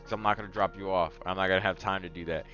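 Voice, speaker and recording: A young man casually telling a dating story as a podcast host, moving between mumbled asides and loud outbursts. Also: sits low, rapid-fire, dull audio, soft background music. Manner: animated, swings from mumbling asides to yelling bursts.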